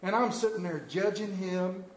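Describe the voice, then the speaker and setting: A middle-aged pastor tells his congregation folksy, self-deprecating stories as part of a sermon, speaking at normal speed in a high voice with fairly even intonation. The church room is echoey and the recording rough.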